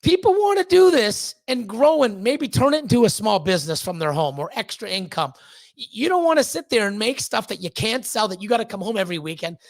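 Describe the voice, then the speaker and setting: A man's voice: sits high, very animated, brisk, no room sound. A man talking as a podcast guest in a blunt, profane rant, often repeating words as he gets worked up. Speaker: podcast guest, snake breeder. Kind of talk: candid ranting conversation.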